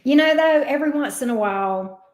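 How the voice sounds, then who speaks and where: A high-sitting, animated, brisk voice belongs to a woman in her fifties who reads tarot on a livestream. She chats casually through viewer comments, blunt and foul-mouthed, laughing often.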